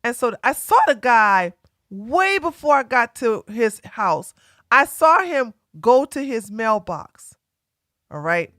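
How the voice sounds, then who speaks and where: A woman hosting her own channel, telling a casual story to her audience in an animated way and laughing often as she talks to the ladies. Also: on the high side, slow, no echo, studio quality. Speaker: commentary channel host.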